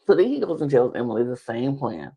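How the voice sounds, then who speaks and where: A woman recapping a reality show in casual talk. She is animated, laughs often, and acts out other people's lines with big jumps in pitch. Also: fast talker, breathy edge. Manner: laughs often while talking. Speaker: podcast guest.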